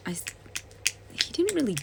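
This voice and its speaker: A woman telling a story while doing her makeup, soft-spoken and hesitant, with many fillers and restarts. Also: unhurried, very noisy. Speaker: beauty vlogger. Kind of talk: get-ready-with-me storytelling.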